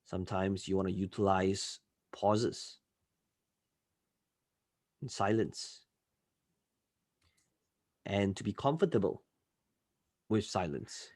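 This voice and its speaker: A man coaching a live online class, often checking in with listeners and swinging between loud and soft delivery. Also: deep voice, steady tone, slow pace, pauses often, dry recording, clean studio sound. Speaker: marketing coach.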